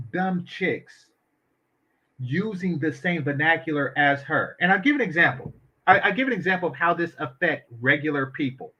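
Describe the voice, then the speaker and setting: Guy ranting on his stream, blunt, cusses a lot, kinda high voice, muffled audio. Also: sharp tone. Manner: blunt, opinionated, swears freely. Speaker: commentary channel host. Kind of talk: casual commentary on an interview. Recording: dull lo-fi audio.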